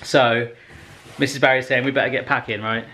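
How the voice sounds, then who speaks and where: A man's voice: mid-range voice, fairly even intonation, brisk, bright, forceful tone, slight background noise. A man hosting a casual vlog, chatty and jokey. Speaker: vlog host.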